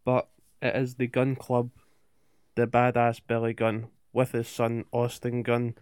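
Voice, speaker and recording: A man's voice: medium pitch, monotone, measured pace, a little mellow, clear, resonant tone, no room sound, clean studio sound. A man co-hosting a podcast, recapping wrestling in casual chat with swearing and rhetorical questions. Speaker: podcast co-host.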